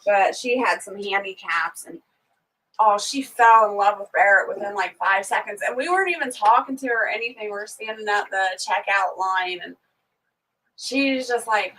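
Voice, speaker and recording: A woman's voice: mid-range voice, normal speed, sharp tone, distant mic, poor audio. A woman hosting a casual morning livestream, chatting easily, laughing often and greeting viewers by name. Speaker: livestream host. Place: at home on a small farm.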